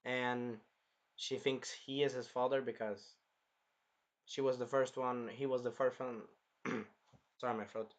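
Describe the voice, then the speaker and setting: A man hosting a casual anime review, rambling and animated, swearing freely as he recaps an episode. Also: mid-range voice, unhurried, pauses often. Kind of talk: casual chat.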